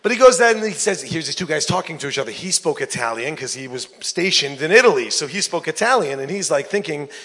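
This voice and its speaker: A man from New York telling a long comic story, lively and acting out each character. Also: a little high, quick pace, hardly any pauses. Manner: lively, acts out every character. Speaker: comedian. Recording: long reverb of a hall.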